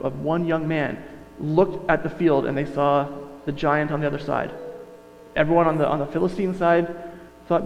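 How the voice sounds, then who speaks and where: A male pastor preaching a sermon in a conversational way, often correcting himself and going off on asides. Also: a little high. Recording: dull sound, long reverb, mains hum.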